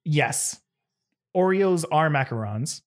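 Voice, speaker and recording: A man's voice: a little high, takes it slowly. A man co-hosting a casual podcast, who grew up in Canada and talks in a playful, joking manner. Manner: playful, animated, jokey. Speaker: podcast co-host.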